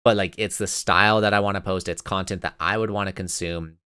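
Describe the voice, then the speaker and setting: A man's voice: low voice, steady tone, a little fast, sharp tone, clean tone, dry recording, studio quality. A man co-hosting a podcast, a bit tired and yawning, rambling in casual chat with lots of fillers. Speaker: podcast co-host.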